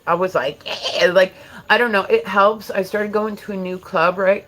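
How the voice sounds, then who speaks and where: A woman's voice: medium pitch, fairly even intonation, normal speed, a bit bright, rough recording. A woman chatting casually on her livestream, frank and talkative, swearing freely as she talks to her viewers.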